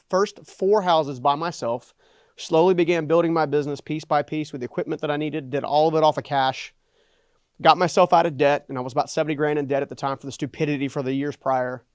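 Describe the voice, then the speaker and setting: Animated storytelling man, fairly high voice. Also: fairly quick, clear, resonant tone, dry recording, studio quality. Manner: animated storyteller who repeats "right?" for emphasis. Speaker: guest, entrepreneur and motivational speaker. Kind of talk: personal storytelling in a podcast interview.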